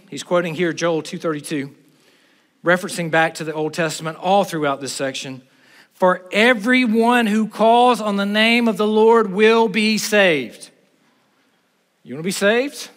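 Animated male preacher in a reverberant hall. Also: high voice, normal speed. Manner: animated, talks to the crowd, uses humor. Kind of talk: sermon.

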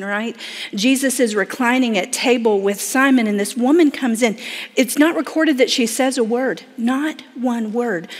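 Southern woman speaking in a reverberant hall. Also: on the high side. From Florida. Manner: folksy, talks straight to the audience with many "y'all". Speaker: pregnancy center director speaking at church. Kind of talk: church talk.

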